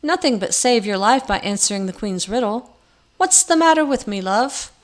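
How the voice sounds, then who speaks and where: A woman voicing an ugly old forest crone with a crackling, croaking voice. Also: fairly high pitch, lively intonation, moderate pace, close to an everyday voice. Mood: wheedling.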